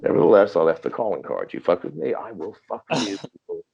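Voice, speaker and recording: A very deep, gravelly voice belongs to an older man who tells his stories bluntly and swears without pause. His pitch swings in lively bursts as he talks. The sound comes over a dull, lo-fi video call line. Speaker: interview guest. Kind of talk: profane storytelling interview.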